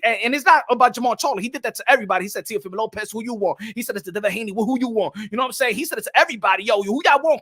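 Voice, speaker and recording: A man hosting a boxing live stream, greeting viewers and ranting loudly with lots of profanity and occasional Spanish phrases. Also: extremely high pitch. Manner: loud, hyped, profane, frequent shouting. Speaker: boxing channel host. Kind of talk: live-stream commentary and viewer shout-outs.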